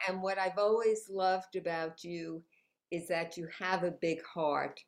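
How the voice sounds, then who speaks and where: A woman's voice: lowish voice, steady tone, measured pace. A woman guest in an interview, talking in an upbeat, motivational way and laughing often. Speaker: guest, author. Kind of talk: conversational interview. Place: New York City.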